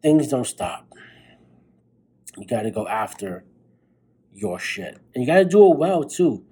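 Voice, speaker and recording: A man's voice: mid-range voice, very animated, measured pace, warm tone, slightly rough, low-quality recording. A young man hosting a podcast, giving a blunt, profane motivational monologue late at night while tired. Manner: blunt, profane, fired-up pep talk. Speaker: podcast host.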